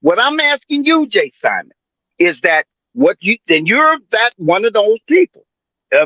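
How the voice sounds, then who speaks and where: A man's voice: high voice, big pitch swings, unhurried, no room sound, muffled recording. A man in his seventies hosting a boxing panel, talking in a rambling, emphatic, profane way with many fillers and restarts. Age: 70s. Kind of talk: casual profane sports debate.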